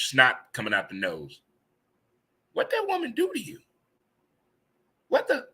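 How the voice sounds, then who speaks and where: A man's voice: on the low side, fairly bright tone, husky. A man in his fifties hosting a casual live chat show, joking and laughing easily as he talks. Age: 50s. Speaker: host.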